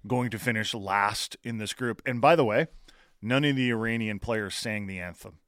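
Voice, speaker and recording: A man's voice: lowish voice, moderate pace, fairly bright tone, no room sound. A man co-hosting a morning sports radio show, chatting through match news in a studio. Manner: conversational, explains match news with fillers.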